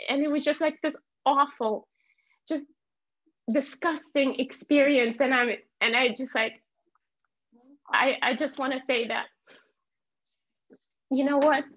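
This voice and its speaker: A woman's voice: high voice, fairly even intonation, slow pace, pauses often, a bit bright. A woman in her thirties from Azerbaijan, speaking candidly and earnestly as a participant in an online meeting, often searching for her words. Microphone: video call. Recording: lo-fi video call audio.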